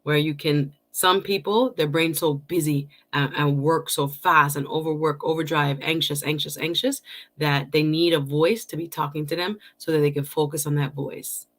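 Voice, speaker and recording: A middle-aged woman chats through a casual livestream, greeting viewers by name and laughing easily. Her voice sits a little low but rings bright and forward. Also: fairly even intonation, moderate pace. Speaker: livestream host.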